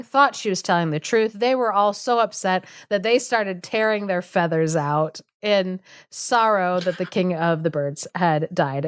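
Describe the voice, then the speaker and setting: A woman retells an old fairy tale on a podcast, loose and chatty, dropping "like" everywhere and slipping into quick impressions of the characters between sarcastic comments. Her voice is smooth and clear at a middle pitch. The sound is dry and close, with no room around it. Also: no echo. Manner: chatty, full of "like", acts out characters' lines with sarcastic asides. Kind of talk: casual storytelling chat.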